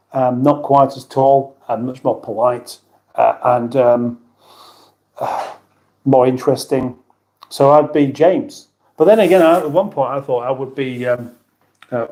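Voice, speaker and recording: A middle-aged British man with a medium-pitched, dark voice hosts a casual livestream. He rambles and pokes fun at himself while reading out viewer comments.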